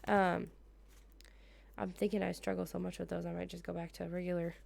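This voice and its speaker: A woman's voice: on the low side, level tone, fairly quick, gravelly, darkish tone. A woman in her thirties from the United States, chatting casually in her living room as she decorates a planner, laughing often and muttering to herself. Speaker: planner vlogger. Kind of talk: casual plan-with-me chat.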